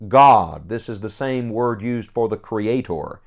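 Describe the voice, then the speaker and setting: A man preaching a radio Bible teaching, earnest and emphatic, slowing down to stress quoted scripture. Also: fairly low pitch, animated, darkish tone.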